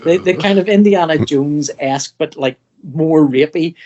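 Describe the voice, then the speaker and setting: A Northern Irish man chatting as a podcast guest, rambling and animated as he retells film scenes. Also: fairly high pitch, moderate pace, muffled recording. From Northern Ireland. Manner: animated, rambling storyteller who puts on voices when retelling scenes. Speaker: guest, comic artist. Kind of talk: casual podcast chat.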